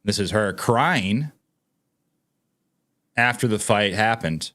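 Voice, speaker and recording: A man's voice: fairly low pitch, lively intonation, slow pace, a bit bright. A man hosting his own commentary channel. He talks casually and emphatically to viewers, reads news items aloud and sounds incredulous. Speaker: political commentary channel host.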